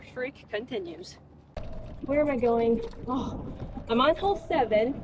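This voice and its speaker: Breathing hard after running between shots, a young golf vlogger narrates her dusk round in a chatty, self-coaching way. Her fairly high voice has lively intonation, unhurried and frequently pausing, against a noisy background.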